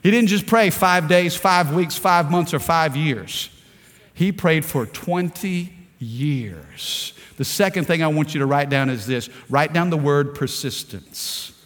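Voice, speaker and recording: A male pastor preaches with fervor, stacking rhetorical questions and repeating words as he drives his points home. His voice sits high, and it rings out in a large hall with a long reverb tail. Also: a bit bright. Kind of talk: sermon.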